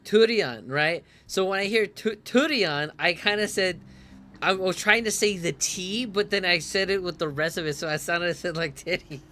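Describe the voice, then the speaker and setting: A man's voice: sits high, moderate pace, sharp tone, slight background noise. A man doing casual gameplay commentary, reading subtitles aloud, giggly and self-mocking. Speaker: gaming streamer.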